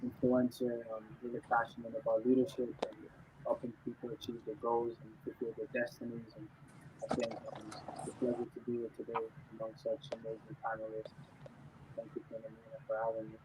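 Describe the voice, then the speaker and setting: A man's voice: mid-range voice, completely flat delivery, a little fast. A seventeen-year-old boy introducing himself politely on a video call panel, with many fillers. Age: teens. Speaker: panel guest. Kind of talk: self-introduction. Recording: dull noisy video call audio.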